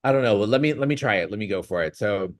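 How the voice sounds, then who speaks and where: A man's voice: fairly low pitch, expressive, very fast. A man hosting his own show, telling a personal story in a chatty, rambling way, laughing often and acting out what people said. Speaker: vlog host. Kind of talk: casual storytelling.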